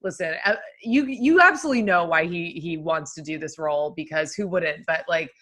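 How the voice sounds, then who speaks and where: A woman co-hosting a podcast, with a bright, forceful voice set a little low in pitch. She talks in an emphatic way and repeats her words for effect. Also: brisk. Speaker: podcast co-host. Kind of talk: casual chat.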